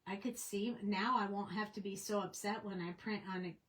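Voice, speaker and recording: A woman's voice: mid-range voice, fairly even intonation, normal speed, poor audio. A woman casually teaching a coloring tutorial on a livestream, chatty and rambling with plenty of fillers. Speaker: craft instructor.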